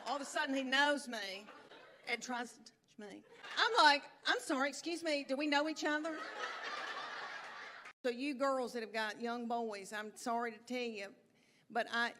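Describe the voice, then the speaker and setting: A woman's voice: a little high, steady tone, moderate pace, background noise. A middle-aged woman doing stand-up comedy, telling stories in a chatty drawl and acting out quotes. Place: stage before a live audience. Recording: live show with loud crowd. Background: audience laughter.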